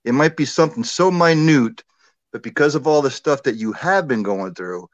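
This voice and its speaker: A man telling a personal story in a relaxed, conversational way, with many fillers and asides. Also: mid-range voice, normal speed, no room sound, muffled recording. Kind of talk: casual storytelling.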